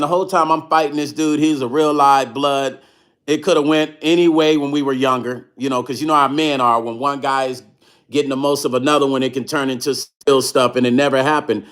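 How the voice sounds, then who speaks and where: A middle-aged man from Chicago telling a story on his livestream, animated and laughing often, acting out the other people's lines. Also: medium pitch. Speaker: vlogger and musician.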